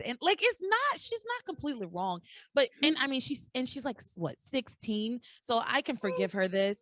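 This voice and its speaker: A woman hosts a casual podcast recap with a bright, lively voice that swings high and low. She tells the story animatedly, slips into characters' lines and swears freely. The sound is close and dry. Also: normal speed, no echo. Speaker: podcast host.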